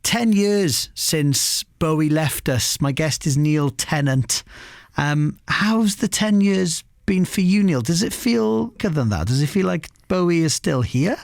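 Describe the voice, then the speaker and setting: A male radio presenter introducing his guest and asking questions in a measured way. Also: fairly high pitch, expressive, vocal fry, no echo, studio quality. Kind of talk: radio interview.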